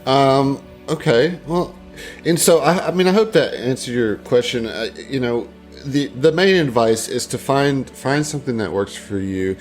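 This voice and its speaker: A man's voice: mid-range voice, measured pace, faint music behind. A man co-hosting a tabletop podcast, giving easygoing advice and hedging often in casual chat. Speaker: podcast co-host.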